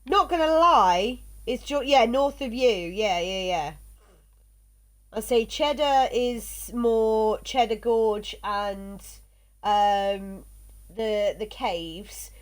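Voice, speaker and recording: A woman's voice: fairly high pitch, drawn-out words. A tired woman streaming a game live, chatting in a rambling way with fillers and laughs. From South West England. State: yawning, tired. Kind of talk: casual live gameplay chat.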